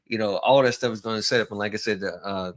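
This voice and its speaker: A man's voice: on the low side, steady tone. Rambling man hosting a casual livestream. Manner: rambling, halting, greets chat viewers by name with chuckles. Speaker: livestream host.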